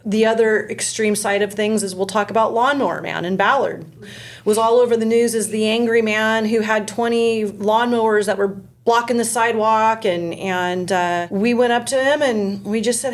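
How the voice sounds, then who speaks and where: A middle-aged woman speaking as a guest, telling lively anecdotes and acting out the people in them. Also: mid-range voice, normal speed. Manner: energetic, acts out quoted people in anecdotes. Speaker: founder of a volunteer outreach group. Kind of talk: interview storytelling.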